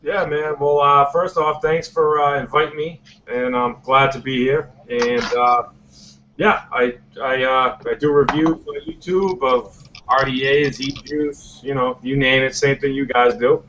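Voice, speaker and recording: A man's voice: medium pitch, fairly even intonation, unhurried, bright, forceful tone. A man with a Boston accent, a guest reviewer in casual podcast chat, easygoing and full of fillers. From Boston, USA. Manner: easygoing, hesitant with many fillers, swears casually. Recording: muffled lo-fi with faint hiss.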